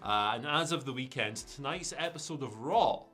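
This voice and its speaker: Chatty man with a bright voice. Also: medium pitch, normal speed, faint music behind. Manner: relaxed, speculative, chatty with fillers. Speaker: co-host of a news show. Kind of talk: casual news chat.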